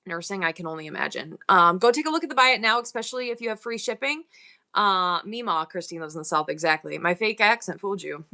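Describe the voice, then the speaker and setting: A middle-aged woman from upstate New York hosts a live online sale, chatting fast and nonstop with her viewers. Her voice sits a little high and sounds bright and forceful. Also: very animated. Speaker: online auction seller. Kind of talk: live-stream selling chat.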